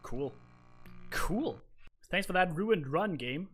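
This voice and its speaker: Excitable, foul-mouthed young male streamer. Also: high-pitched, slow pace, over loud music. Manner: excitable, swears a lot, banters with chat. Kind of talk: live gameplay commentary.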